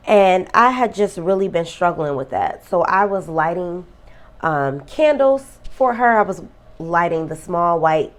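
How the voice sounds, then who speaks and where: A woman vlogger talking earnestly about a friend's death, emotional and close to tears. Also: fairly low pitch. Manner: emotional, tearful; reflective, earnest. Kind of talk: personal vlog talk.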